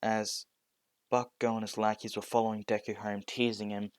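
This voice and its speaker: A man's voice: lowish voice, little pitch movement, brisk, clear, resonant tone, no echo. A man narrating a fan story casually, hesitant, often restarting with fillers.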